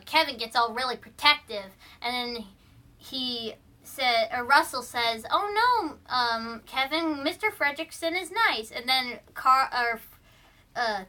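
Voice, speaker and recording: A young woman chats casually in a high, bright voice, rambling through a story with plenty of "uh" and "like". She talks from a room at home and restarts her sentences often. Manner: rambling, full of fillers and restarts. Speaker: vlogger. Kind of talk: casual film retelling.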